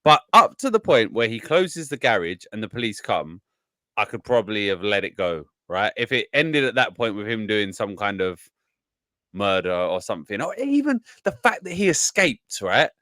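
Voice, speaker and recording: A man's voice: on the low side, normal speed, no echo, clean studio sound. A man chatting casually on a film podcast, swearing and mocking as he talks. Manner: swearing, animated, mocking, lots of laughter. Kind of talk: casual film review chat.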